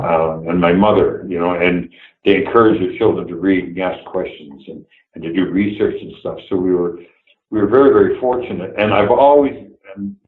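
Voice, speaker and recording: An older man with a fairly low voice tells stories bluntly, swearing freely and chuckling as he goes. His voice sounds roomy and echoey. It comes through a thin, phone-like line. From Canada, Toronto. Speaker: interview guest, actor. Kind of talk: storytelling anecdotes in a remote interview. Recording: echoey room over a tinny phone-like line.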